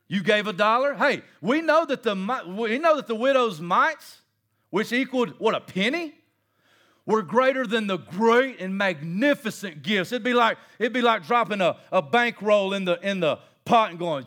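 A man preaching a sermon who swings between soft, quiet asides and shouted points, acting out his listeners' voices and joking with them. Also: high voice, animated, moderate pace. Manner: acts out listeners' voices and jokes with the crowd. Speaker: pastor.

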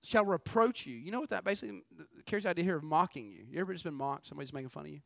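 A man preaching a lively, conversational sermon full of rhetorical questions. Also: on the high side, racing, creaky, dry recording, lo-fi sound. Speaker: pastor.

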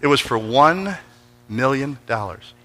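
A man's voice: medium pitch, expressive, unhurried, fairly bright tone, slight background noise, low-quality recording. A middle-aged man preaching a storytelling sermon in a church, energetically calling out to the congregation for responses. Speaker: pastor. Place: church sanctuary before a congregation.

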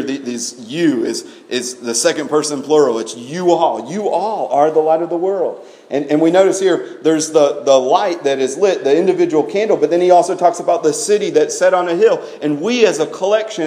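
Emphatic preacher with a slightly high voice. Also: male voice, a little mellow. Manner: emphatic, rhetorical questions, frequent word repeats. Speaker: pastor. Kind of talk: sermon.

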